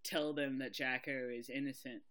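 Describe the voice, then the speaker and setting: A woman talks casually as a podcast co-host, candid and quick to laugh. Her voice is bright and forward, and she swears lightly as she explains her points. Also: a bass voice, fairly even intonation. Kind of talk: casual chat reviewing a TV adaptation.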